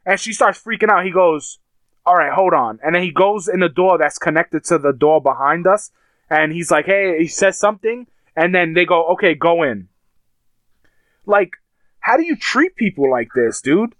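A man's voice: sits high, expressive, normal speed, a bit bright, no room sound. Heated man swearing through a story. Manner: heated storytelling, acts out others' lines, swears a lot. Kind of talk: casual podcast chat.

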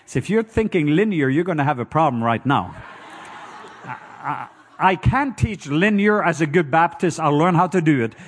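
A middle-aged man with a Norwegian accent preaching a sermon, telling stories with lively call-and-response and acting out sounds with loud hoots and croaks. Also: a little high, moderate pace, a little hiss or hum. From Norway. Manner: animated storytelling with call-and-response.

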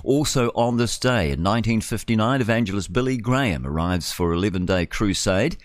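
A man's voice: fairly low pitch, expressive, brisk, no echo, studio quality. Chatty New Zealand male radio host. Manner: rambling, chatty, with filler sounds. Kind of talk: casual talk radio.

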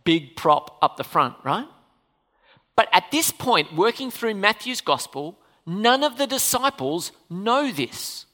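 A pastor preaching a sermon in a church hall, animated and full of questions for the congregation. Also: mid-range voice, slow. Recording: long reverb of a hall.

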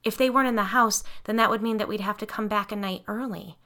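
A woman's voice: mid-range voice, fast, sharp tone, voice pushed up. A woman voicing a desperate mother who demands and argues angrily.

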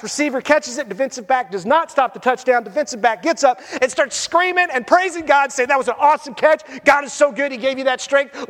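A man preaching a sermon as pastor, reading scripture aloud and moving from animated storytelling to hushed appeals. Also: very high-pitched. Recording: hall reverb.

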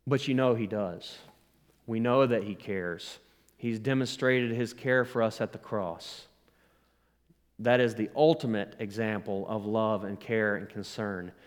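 A man's voice: medium pitch, smooth. Preaching man in a reverberant hall. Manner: preaching with rising emphasis and call-and-response asides. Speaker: pastor. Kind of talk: sermon.

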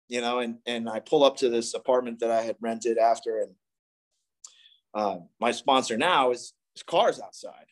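Speaking at medium pitch with lively intonation and a normal pace, a young man from the East Coast tells his recovery story to a group, frank, profane, and wandering.

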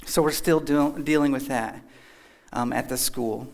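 A man's voice: mid-range voice, a little slow, gravelly. A man from Kentucky giving a casual, joking talk as a guest speaker at a church. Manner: chatty, joking, folksy. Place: church hall.

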